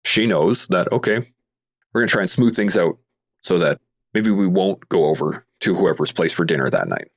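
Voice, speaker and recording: A man's voice: sits low, expressive, moderate pace. A man from Canada, a guest on a podcast, talking earnestly and explaining his points through everyday analogies. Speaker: podcast guest, veteran advocate. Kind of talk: casual podcast conversation.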